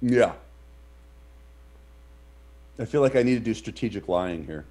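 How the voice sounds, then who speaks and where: A man co-hosting a casual podcast, telling a story with lots of fillers and loud, shouted reenactments of what people said. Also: fairly low pitch, unhurried. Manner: animated, shouts in reenacted quotes. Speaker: podcast co-host.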